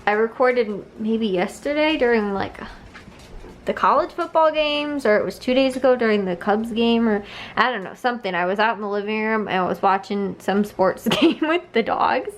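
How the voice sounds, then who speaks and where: A young woman vlogger chats casually to a handheld camera indoors at home, laughing often and peppering her speech with "like" and "um." Her voice is a little high with lively intonation at a normal speed, and there's slight hiss or hum.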